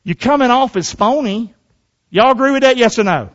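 A man's voice: very high voice, animated, normal speed, lo-fi sound. A middle-aged male pastor preaching a sermon in a call-and-response style, often asking the congregation "amen?".

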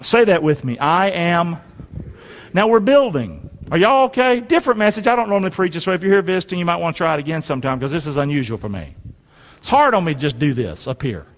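A pastor preaches a sermon in a church sanctuary, his male voice fairly high, sing-song and quick. He reads scripture aloud and leads the congregation in call-and-response, all under a long hall reverb.

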